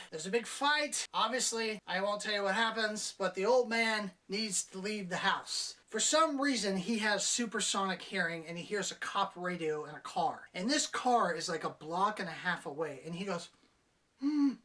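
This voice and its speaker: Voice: mid-range voice, moderate pace, few pauses, sharp tone, distant mic. Blunt, exasperated movie reviewer. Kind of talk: casual spoken film review.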